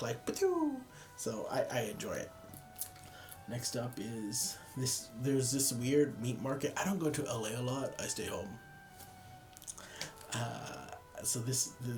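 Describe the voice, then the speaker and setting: Tired young guy chatting loosely about his pics, mid-pitch, soft music under him. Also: steady tone, moderate pace. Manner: rambling, self-deprecating, laughs at own jokes. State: tired, yawning. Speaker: photography vlogger. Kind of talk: casual chat.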